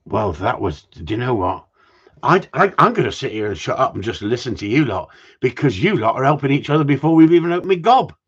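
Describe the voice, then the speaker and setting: A middle-aged man with a husky, slightly rough voice chats live about training gundogs. He rambles, restarts his sentences and swears in passing, in a plain middle register. The audio is dull and lo-fi. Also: mid-range voice, big pitch swings, a little fast. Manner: blunt, rambling, swears casually. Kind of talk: live stream Q&A chat.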